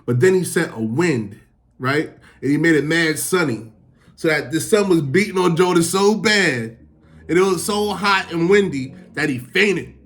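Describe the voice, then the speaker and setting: High-voiced man explaining scripture casually. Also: lively intonation, measured pace, fairly bright tone. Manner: reads verses, then paraphrases them in slangy street talk. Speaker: Bible teacher.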